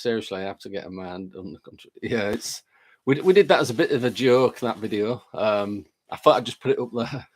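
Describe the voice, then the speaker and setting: In a fairly low voice and at a fairly quick pace, a man runs a relaxed, chatty live stream. He goes through viewer comments one after another, reading them aloud and greeting people by name, while still fighting a lingering chest cold.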